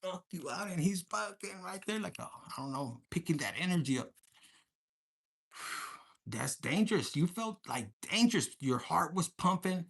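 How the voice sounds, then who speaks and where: A man's voice: sits high, lively intonation, moderate pace, gravelly, a bit bright, slightly rough. Man, tarot reader, vlog, raunchy, foul-mouthed, playful, Spanish slang thrown in. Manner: crude, profane and joking, mixing in Spanish slang. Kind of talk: casual tarot reading vlog.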